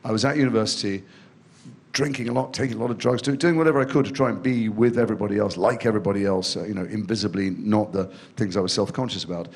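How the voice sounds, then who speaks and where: A middle-aged man from England talks in a fairly low voice as a guest in an interview. He tells long, rambling stories and pokes fun at himself as he goes. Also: fast talker. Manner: rambling self-deprecating storytelling. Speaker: guest actor. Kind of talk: in-depth interview conversation. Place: festival stage before a student audience.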